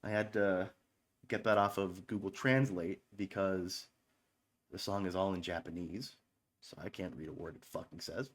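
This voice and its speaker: A man in his thirties chats loosely between tracks as a stream's host, in a voice sitting a touch low. He rambles, restarts his sentences, swears freely and pokes fun at himself. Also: steady tone, moderate pace. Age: 30s. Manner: self-mocking, joking asides. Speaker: online radio stream host. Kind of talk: casual stream chatter between songs.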